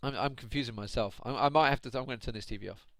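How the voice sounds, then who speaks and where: Talking very fast at a medium pitch, with no room sound, a man from the UK casts a match on his own live stream. The esports caster is chatty and frequently laughs and rants at his chat.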